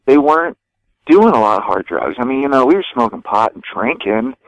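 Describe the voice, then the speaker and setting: A man's voice: medium pitch, a little fast, vocal fry, no echo, poor audio. Laid-back man, dry close sound. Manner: relaxed, swears freely, lots of fillers. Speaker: documentary director, guest. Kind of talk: casual podcast interview.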